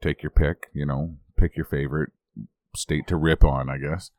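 A man's voice: rumbling low, level tone, normal speed, a little mellow, dry recording, clean studio sound. A Canadian man co-hosting a podcast, telling a rambling, self-mocking story in casual chat and laughing as he goes. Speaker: podcast co-host.

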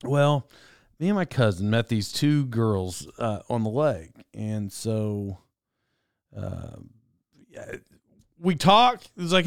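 A man's voice: medium pitch, big pitch swings, takes it slowly, clean tone, no room sound, clean studio sound. A middle-aged man telling a casual personal anecdote, rambling and self-mocking, with lots of fillers and chuckles. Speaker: storyteller.

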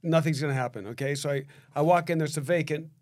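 A man spins a tale of a spooky showing, voicing each person as he goes. His voice sits a little high for a man, and he builds the story with animated energy. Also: quick pace. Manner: animated storyteller acting out dialogue. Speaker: podcast co-host, realtor. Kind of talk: casual storytelling chat.

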